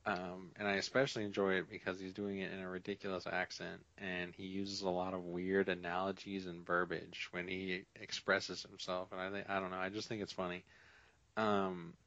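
Young male co-host, low gravelly voice, dry lo-fi sound. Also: flat delivery, moderate pace, bright, forceful tone, no echo. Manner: storytelling, quoting coworkers. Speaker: podcast co-host. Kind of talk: casual chat. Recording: dull lo-fi sound.

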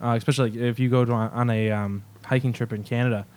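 A man co-hosting a casual chat, chuckling as he talks and rambling with halting restarts. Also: medium pitch, fairly even intonation, darkish tone.

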